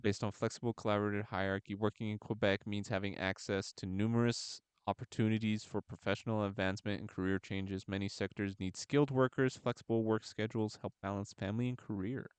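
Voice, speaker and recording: A man's voice: on the low side, fairly even intonation, fairly quick, hardly any pauses, clear, resonant tone, no echo. A man from the United States chatting casually while streaming a game, joking around and fumbling as he reads aloud. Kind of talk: casual chat while gaming. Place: at home, gaming live. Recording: music playing faintly behind.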